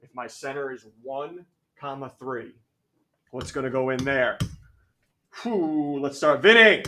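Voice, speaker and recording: A male math teacher lecturing a classroom, energetic and jokey, calling on students by name. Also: mid-range voice, slow pace, background noise. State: out of breath.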